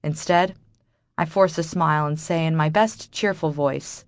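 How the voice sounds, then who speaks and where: A woman narrates a first-person audiobook in a bitter, wry inner-monologue manner. Her voice sits on the low side for a woman. The recording is dry and close, with no room sound. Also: a little slow, dry recording.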